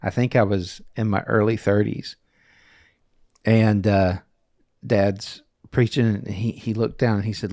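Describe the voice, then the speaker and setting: A man's voice: lowish voice, fairly even intonation, a little slow, darkish tone, no room sound, clean studio sound. A man in his forties, a podcast co-host, telling family stories in a rambling, chuckling way with many restarts. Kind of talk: casual chat.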